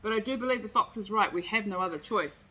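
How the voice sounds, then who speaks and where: A woman's voice: mid-range voice, quick pace, pushed and bright, low-quality recording. A woman voicing a big, weary, impatient moose in a read-aloud picture book. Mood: resigned. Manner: gruff, impatient.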